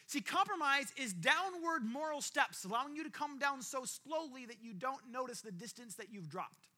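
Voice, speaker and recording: Bright high-voiced male preacher. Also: animated, fairly quick, few pauses. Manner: conversational preaching, acts out quoted listeners. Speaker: pastor. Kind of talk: sermon.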